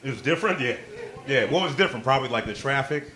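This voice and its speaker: A male stand-up comedian performing a live set on a club stage, excitable and playful, working the crowd and leaping into squealing quoted voices. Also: medium pitch, fast. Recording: live club recording with crowd laughter and noise.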